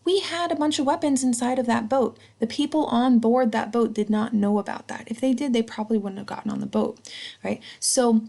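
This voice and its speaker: A woman's voice: a little high, a little fast, gravelly, dark tone. A woman teacher giving a recorded history lesson, chatty and casual, checking in with a "right?" after each point. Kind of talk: recorded slideshow lecture.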